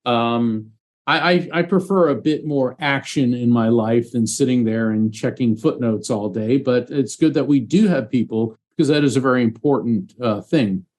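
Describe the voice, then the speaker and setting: A man, a psychic medium and former trial lawyer, telling a personal story in an interview, earnest and animated, with frequent restarts. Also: medium pitch, normal speed.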